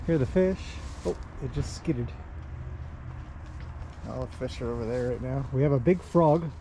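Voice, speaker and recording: This is a relaxed walk-and-talk vlog from a man who trains and owns horses, wandering outdoors and greeting them in a bright, sing-song tone. He speaks at a normal speed in a mellow, medium-pitched voice over slight background noise.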